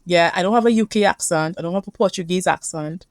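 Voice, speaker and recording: A woman with a Caribbean accent talks as a guest therapist, earnest and reflective. Her voice sits a little low and sounds dry and close, with no room around it. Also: quick pace, no room sound. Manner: earnest, reflective, speaks from feeling. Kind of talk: conversational interview.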